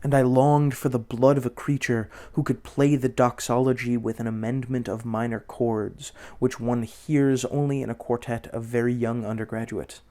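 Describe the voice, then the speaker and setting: A man narrating a classic horror story in the first person, with measured, dramatic pacing. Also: mid-range voice, level tone, mellow. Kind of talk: audiobook narration.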